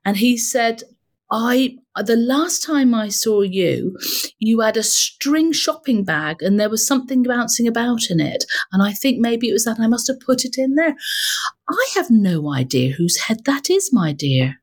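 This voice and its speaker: Actress improvising a genteel, mock-innocent village lady who is quietly sinister; comic role-play. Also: fairly high pitch, animated, a little slow.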